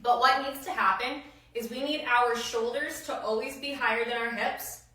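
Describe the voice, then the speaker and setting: A woman's voice: fairly high pitch, steady tone, moderate pace, pushed and bright, roomy sound, rough recording. A woman strength coach giving upbeat, casual instructions with slang and countdowns for kettlebell lifts.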